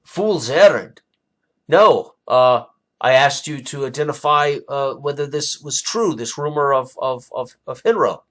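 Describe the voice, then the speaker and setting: A man voicing a grieving, grateful servant who talks haltingly, with many stammered restarts. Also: medium pitch, expressive, fairly bright tone. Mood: puzzled.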